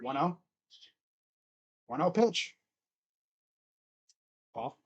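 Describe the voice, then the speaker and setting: Young male streamer, casual live play-by-play, talks to his pet between pitches. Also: expressive, extremely slow, breathy edge. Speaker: sports streamer.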